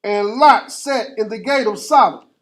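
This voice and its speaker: A man with a high voice for a man reads scripture aloud in a Bible class. His reading is steady and formal, and he takes the old-fashioned wording verse by verse. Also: moderate pace. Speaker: scripture reader.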